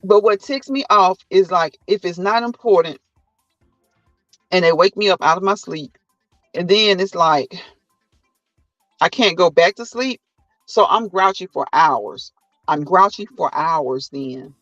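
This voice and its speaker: A man's voice: high-pitched, measured pace, pauses often, no room sound, lo-fi sound, faint music behind. A man hosting a casual live chat who tells stories animatedly, acts out what people said, and laughs often. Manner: animated storytelling, acting out quotes. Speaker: host.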